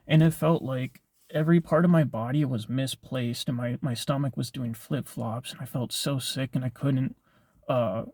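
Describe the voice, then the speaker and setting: A young vlogger with a mid-range, gravelly yet mellow voice tells a personal story in clean studio sound with no echo. He rambles casually, using lots of filler words and swearing.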